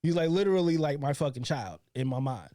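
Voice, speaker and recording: A man's voice: a little high, expressive, fairly quick, mellow, dry recording, clean studio sound. A man co-hosting a casual podcast, telling stories with lots of swearing and imitating his friends' voices. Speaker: podcast co-host. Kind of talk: casual chat, storytelling.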